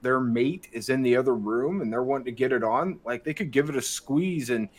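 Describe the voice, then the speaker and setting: A man's voice: medium pitch, brisk. A man co-hosting a podcast, riffing on ideas with enthusiasm and many casual fillers. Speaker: podcast co-host. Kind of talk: casual chat.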